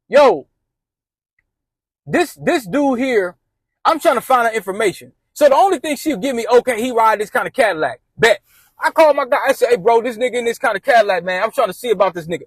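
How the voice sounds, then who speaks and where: A man's voice: very high-pitched, dry recording. A man telling a long personal story in casual slang, rambling and acting out what his friends told him.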